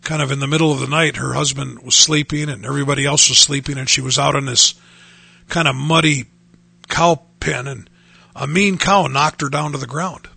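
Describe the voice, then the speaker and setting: A man's voice: mid-range voice, steady tone, moderate pace, creaky, pushed and bright, husky, no echo. A middle-aged man preaching on a radio show, earnestly quoting scripture in old-fashioned wording. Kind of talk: radio sermon.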